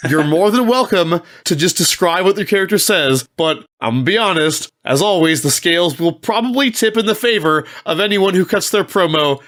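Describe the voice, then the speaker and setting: A man runs a tabletop game and narrates the next chapter. His voice sits a little high, and he builds his lines up like an announcer. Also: lively intonation, brisk, hardly any pauses, a bit bright. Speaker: game master.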